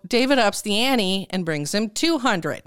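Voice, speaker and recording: A woman's voice: medium pitch, lively intonation, measured pace, fairly bright tone, clean tone, no room sound, clean studio sound. Chatty woman retelling a Bible story. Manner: chatty storyteller, laughs often. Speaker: podcast co-host. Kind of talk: casual Bible discussion.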